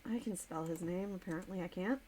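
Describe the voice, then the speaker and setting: A woman's voice: on the low side, fast talker, warm tone, a little hiss or hum. A woman streamer in casual live-stream chat, chatty and a little distracted as she reads chat aloud and types. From United States.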